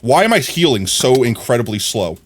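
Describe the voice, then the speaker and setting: A man's voice: medium pitch, normal speed, a little hiss or hum. Frantic male game streamer. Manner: excitable, frantic, talks to himself while playing. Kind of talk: live gameplay commentary.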